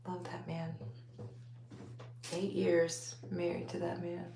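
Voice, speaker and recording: A woman with a Texas accent rambles to her viewers in a low, gravelly voice, laughing often as she chats late at night. The room is echoey and a faint hum sits behind her. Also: monotone, slow, mellow. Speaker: vlogger talking to viewers. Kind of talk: late-night casual chat while taking out braids. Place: home at night, under a bright light.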